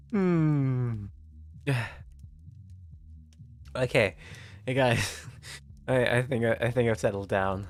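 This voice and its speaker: A man's voice: medium pitch, drawn-out words, long pauses. A male VTuber streamer, not a native English speaker, chatting casually in a giggly, stammering way that repeats words. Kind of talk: casual livestream chat.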